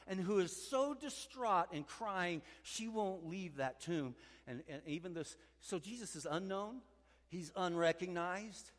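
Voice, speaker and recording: A male pastor preaching in a big church sanctuary, his fairly high voice trailing a long hall reverb. He tells stories in animated bursts, climbing higher and louder as his excitement builds. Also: a little slow. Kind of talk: sermon.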